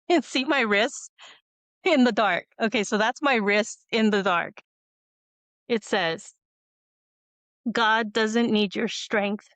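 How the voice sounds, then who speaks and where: A woman's voice: fairly high pitch, takes it slowly, pauses often, a bit bright, dry recording. A woman hosting a video-call interview, telling a long personal story in a rambling, tearful way with frequent laughs. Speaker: host. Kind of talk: emotional conversational storytelling.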